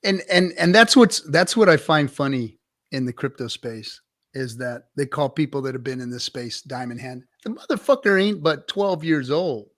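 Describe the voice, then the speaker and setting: A man's voice: a little high, expressive, moderate pace, a bit bright. Blunt, profane man lecturing. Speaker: podcast co-host. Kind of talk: casual crypto chat.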